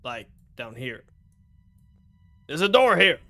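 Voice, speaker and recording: A man with a slightly higher voice plays a tabletop game over voice chat. He is animated and breaks into quick exclamations. Faint music plays behind him. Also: gravelly, no echo. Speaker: player. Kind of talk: casual play over voice chat.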